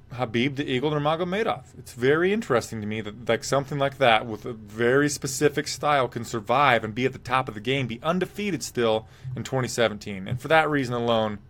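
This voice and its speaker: A man's voice: mid-range voice, lively intonation, a little fast, fairly bright tone. Rambling man talking fight picks. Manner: rambling, reads viewer comments aloud, blunt picks. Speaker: MMA podcast host. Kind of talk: casual live-stream fight talk.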